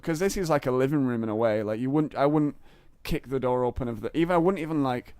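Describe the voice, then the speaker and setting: Man in his twenties, comedy podcast guest, storytelling with lots of false starts, smooth close voice, dry room. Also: mid-range voice, fast talker, hardly any pauses, darkish tone, dry recording. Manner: rambling, stammering restarts, laughs often. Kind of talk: casual storytelling chat.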